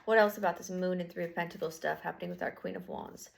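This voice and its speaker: A woman's voice: on the low side, fairly even intonation, fast, vocal fry. A woman giving a casual tarot reading to camera, rambling and blunt, swearing freely, with lots of fillers and laughing as she talks. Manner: laughs while talking. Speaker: tarot reader.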